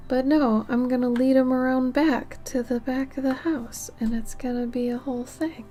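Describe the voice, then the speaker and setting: A tired woman chatting casually with viewers while she draws on a livestream, soft-spoken and often dropping into half-whispered asides. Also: sits high, steady tone, moderate pace. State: tired, yawning. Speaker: art livestreamer. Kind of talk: casual chat while drawing on stream.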